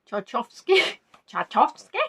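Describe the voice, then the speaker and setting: Woman, quiz host, playful and chatty, slightly high voice. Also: big pitch swings, slow pace, slightly rough. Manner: chatty and playful, repeats answers aloud, muses between questions. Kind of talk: live-stream quiz, reading out viewers' answers.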